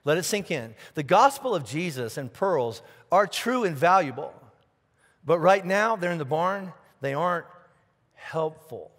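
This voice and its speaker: A man preaching a sermon as pastor, animated, asking rhetorical questions and often repeating his words. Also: on the high side, a little slow, long reverb tail. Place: church auditorium.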